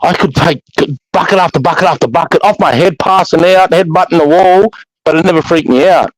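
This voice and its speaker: Fast-talking Australian man telling stories. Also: fairly high pitch, no room sound, rough recording. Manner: rapid, profane and animated, full of restarts. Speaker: podcast storyteller. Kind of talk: casual storytelling chat.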